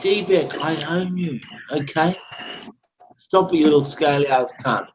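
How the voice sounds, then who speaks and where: Over a computer mic in an online voice chat, a man taunts a rival with an angry rant full of repetitive, profane gloating. His voice runs high and his pace is measured, with the highs cut off and a noisy background.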